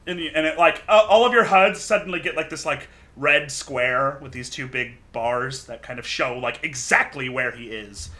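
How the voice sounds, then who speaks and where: A man's voice: mid-range voice, moderate pace, hardly any pauses, sharp tone. A man running a tabletop game as game master, narrating loosely with lots of fillers.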